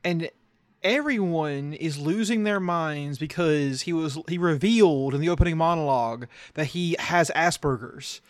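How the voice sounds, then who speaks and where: A man's voice: a little high, moderate pace, dry recording. A man co-hosting a casual podcast chat, ranting bluntly and swearing freely. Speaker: podcast co-host.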